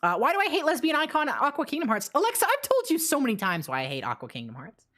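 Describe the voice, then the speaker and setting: A woman's voice: high-pitched, huge pitch swings, fast talker, fairly bright tone. A woman streaming live and chatting casually while reading chat, rambling and blunt. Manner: rambling, many fillers and restarts, blunt.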